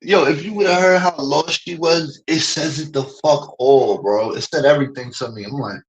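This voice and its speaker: A man's voice: fairly high pitch, normal speed, low-quality recording. Profane, ranting man streamer. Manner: profane, emphatic, repetitive fillers. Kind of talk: heated casual rant.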